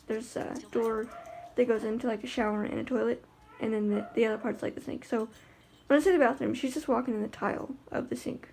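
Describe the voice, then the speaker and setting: A woman's voice: fairly high pitch, fairly even intonation, a little fast, vocal fry, few pauses, darkish tone, a little hiss or hum. A woman talking in a casual vlog about life with her guide dog, chatty and rambling with lots of fillers and restarts.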